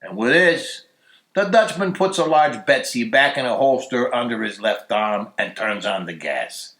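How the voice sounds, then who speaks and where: A man reading a story aloud for a church story hour, telling it in a lively, expressive way, recorded in a church. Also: medium pitch, measured pace, reverberant. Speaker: story reader.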